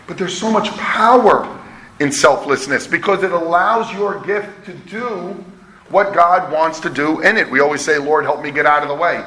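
A man's voice: on the high side, bright, forceful tone. A middle-aged man preaching a conversational, emphatic sermon as pastor. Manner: conversational, emphatic, self-deprecating. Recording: echoey room with faint hum.

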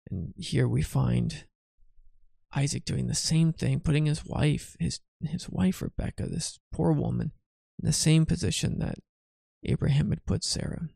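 A man's voice: mid-range voice, creaky, warm tone, dry recording, studio quality. A tired, yawning man teaching a Bible study in a chatty way, often asking "right?" and restarting his phrases.

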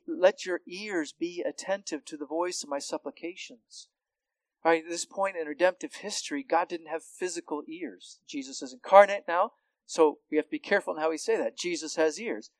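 At normal speed and a slightly raised pitch, a Bible teacher who is hard of hearing works through scripture loosely, often restarting phrases and checking in with "right?" The recording is close and dry, without room echo.

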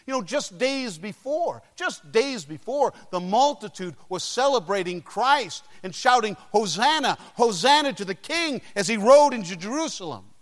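A man preaching a sermon, telling the story dramatically, swinging between loud cries and hushed passages. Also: animated, moderate pace, hardly any pauses. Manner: dramatic storytelling with sudden shouted crowd cries and hushed lows. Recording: long reverb of a large hall.

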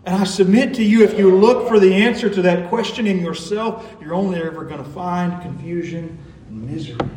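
A man's voice: sits high, normal speed, a little mellow. A man preaching a sermon as pastor, earnest, building to emphatic peaks. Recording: echoey hall, mic at a distance.

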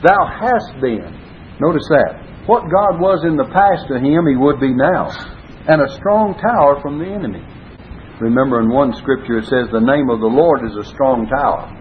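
A man preaching a Bible study sermon, earnestly stressing key words and quoting scripture in old-style wording. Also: normal speed. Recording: phone-like lo-fi recording with faint rumble.

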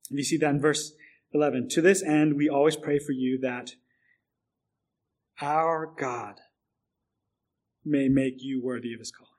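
A man's voice: medium pitch, steady tone, a little slow, pauses often, a little mellow. A man preaching a sermon in an earnest way, often restarting and repeating words, then building up through long lists.

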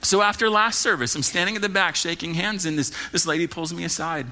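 A male pastor preaching an earnest sermon, swinging between loud urging and hushed low lines. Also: a little fast, a little hiss or hum.

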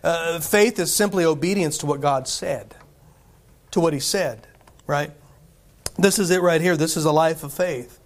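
Fairly high-voiced preacher, man. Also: unhurried, long pauses. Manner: conversational preaching with rhetorical questions and asides to the congregation; frequent restarts and filler words. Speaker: pastor. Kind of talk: sermon.

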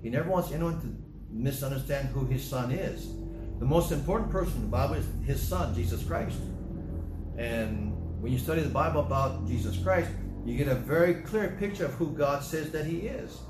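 A man's voice: lively intonation, moderate pace, over music. A man preaching a sermon, reading scripture aloud and stressing key verses with rising emphasis. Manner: emphatic, rises in pitch on key scripture lines. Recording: echoey room with faint ambient noise.

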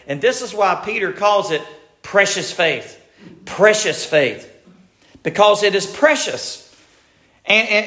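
Man, pastor, sermon, emphatic preaching, slightly high voice, echoey room. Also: fairly bright tone. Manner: preaching with rising emphatic passages.

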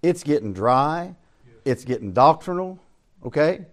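An older man teaching a Bible study as pastor, preaching in a folksy storytelling way that swings between loud emphasis and quiet asides. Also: on the high side, animated, unhurried.

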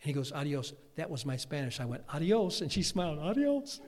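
A man's voice: fairly high pitch, fast. Folksy preacher man in an echoing hall. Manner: folksy, swings from quiet to shouting. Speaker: pastor. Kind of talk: sermon. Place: church hall. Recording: long hall reverb.

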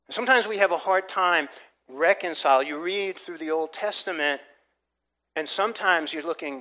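Bright, high-voiced male preacher. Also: moderate pace. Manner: earnest preaching with repetitions and rising emphasis. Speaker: pastor. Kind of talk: sermon.

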